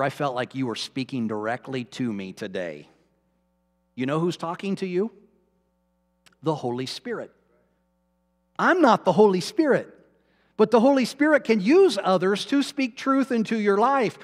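A man preaching a sermon as pastor, emphatic and self-deprecating with bits of humor. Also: high voice. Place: church sanctuary. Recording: long reverb in a hall.

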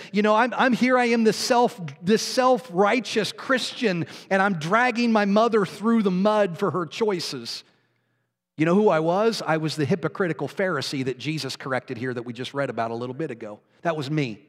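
A man preaching a sermon, telling a personal story with strong emotion and often dropping to hushed tones. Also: sits high, normal speed. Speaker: pastor. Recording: long hall reverb.

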